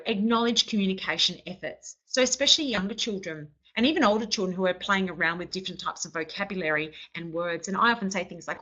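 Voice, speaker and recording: Woman, early childhood trainer, instructional lecture, explanatory, says okay often, bright voice, muffled lo-fi audio. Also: medium pitch, fast talker, few pauses.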